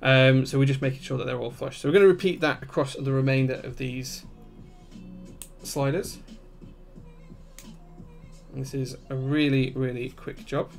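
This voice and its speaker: A man's voice: medium pitch, fairly even intonation, normal speed, creaky, pauses often, soft background music. A man, hosting a live stream where he walks through a build step by step and answers chat. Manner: methodical step-by-step explaining, reading chat aloud.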